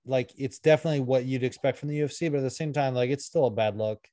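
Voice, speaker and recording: Young man, podcast co-host, casual sweary chat, warm relaxed tone. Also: mid-range voice, quick pace, no echo, studio quality. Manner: loose, profane, lots of filler likes.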